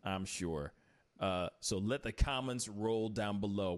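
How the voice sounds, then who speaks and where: A man's voice: fairly low pitch, measured pace. A man hosting a casual talk show, chatty and laughing easily. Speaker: host.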